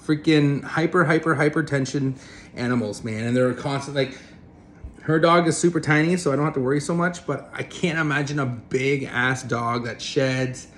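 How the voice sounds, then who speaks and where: A man rambles through a loose, blunt rant to camera, swearing casually between filler words. His pitch sits in the middle range for a man, and faint room noise hums behind him. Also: fairly even intonation, normal speed. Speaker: vlogger.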